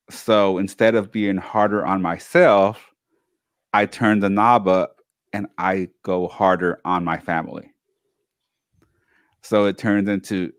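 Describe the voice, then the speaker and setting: A man co-hosting a talk show, telling a personal story in a casual, animated way and acting out the family members he quotes. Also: on the low side, clear, resonant tone, no room sound, studio quality. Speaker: co-host.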